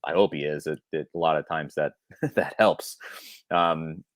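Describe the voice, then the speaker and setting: A man's voice: very deep voice, unhurried, dry recording, studio quality. A man co-hosting a sports podcast, talking casually and thinking aloud with frequent restarts. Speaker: podcast co-host.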